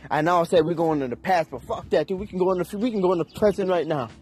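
A man's voice: sits high, very fast, darkish tone, breathy edge. A young man ranting in an unscripted, heated and profane way, with emphatic delivery. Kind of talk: unscripted rant.

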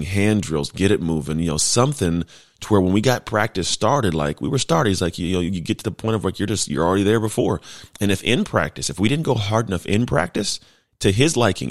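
A man in his thirties, a former football player turned speaker, telling a story casually with animated, emphatic delivery. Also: lowish voice, no room sound, studio quality. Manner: animated, emphatic, laughs while telling stories.

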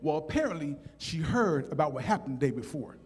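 A man telling a comic story on stage, animated and acting out voices. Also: a little high, brisk, slightly rough. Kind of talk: stand-up story. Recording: hall with long reverb.

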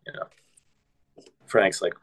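A man's voice: very slow, a bit bright, no echo, low-quality recording. A man hosting a podcast, casually retelling film scenes, quoting lines and swearing freely. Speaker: podcast host. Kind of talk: casual film recap chat.

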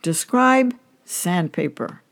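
A woman's voice: on the low side, expressive, slow. A woman doing a pushy, pleading bar patron. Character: pushy broke man with a dog at a bar.

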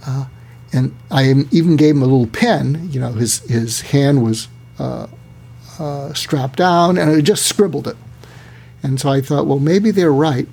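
A man, a psychiatrist, telling a personal story in a talk, acting out the voices of the people in it and slowing down for emphasis. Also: medium pitch, creaky, darkish tone, husky. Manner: acts out quoted voices, slows down for emphasis.

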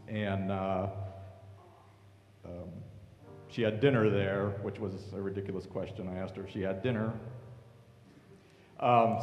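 A low-voiced man gives a halting, soft-spoken testimony from a church stage, with many fillers. The room is echoey, with a long reverb and faint instrumental music underneath. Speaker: seminary student and hospital chaplain. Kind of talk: personal testimony.

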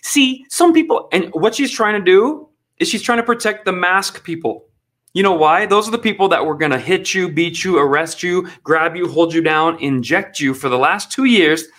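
A man hosting a political commentary show, his voice sitting a little high. He rants sarcastically and mocks what he plays, building up with scorn. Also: normal speed, fairly bright tone. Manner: sarcastic, mocking. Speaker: commentary host.

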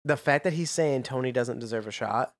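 A man's voice: medium pitch, brisk, dry recording. Rambling man with a dry, close sound. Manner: animated, rambling, retells others' words. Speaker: podcast co-host. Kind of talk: casual sports chat.

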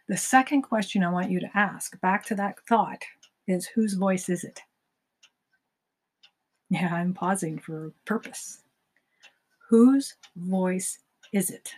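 A woman's voice: fairly low pitch, measured pace, long pauses, slightly rough. A woman hosting a self-help podcast, giving a motivational talk and acting out imagined conversations. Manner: acts out imagined dialogues in lively voices.

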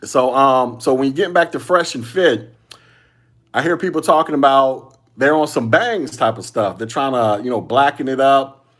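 A man's voice: mid-range voice, normal speed, fairly bright tone. A man hosting a solo podcast, giving casual commentary in loose slangy talk, repeating himself and chuckling often. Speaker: podcast host.

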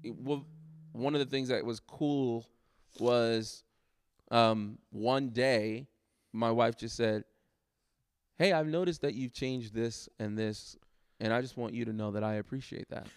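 A man's voice: medium pitch, unhurried, smooth, dry recording, clean studio sound. A man, a pastor, talking candidly in a casual church discussion and laughing at himself as he tells stories.

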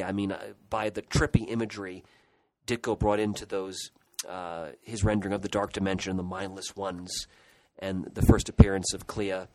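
Middle-aged male co-host, slightly low voice, discursive nostalgic chat. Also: darkish tone, rough recording. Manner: nostalgic, rambling reminiscence. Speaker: podcast co-host. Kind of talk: casual chat.

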